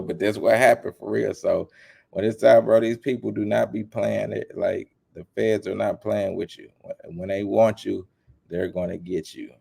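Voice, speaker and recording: A man giving casual commentary as a vlogger, animated and emphatic, with lots of slang. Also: fairly low pitch, creaky, slightly rough.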